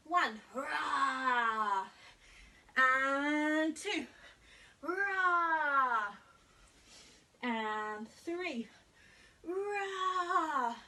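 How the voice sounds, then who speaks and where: A woman's voice: sits high, pushed and bright, distant mic. A woman leading young children through a martial arts exercise class, cheerful and coaxing with sing-song cues. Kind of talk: kids' exercise class led to camera.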